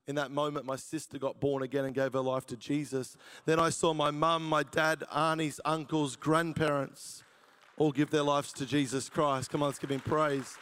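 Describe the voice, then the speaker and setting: A man tells his testimony from the pulpit, cracking jokes and laughing at his own lines. His voice sits fairly high, and long reverb trails each phrase through the hall. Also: flat delivery, normal speed, a bit bright, smooth, some chatter behind. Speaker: preacher giving his testimony. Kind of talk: sermon testimony.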